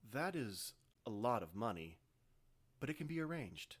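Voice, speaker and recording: A man's voice: mid-range voice, very animated, a little slow, slightly rough. A man doing a cold, scheming corporate boss. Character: scheming male corporate leader, cold and calculating.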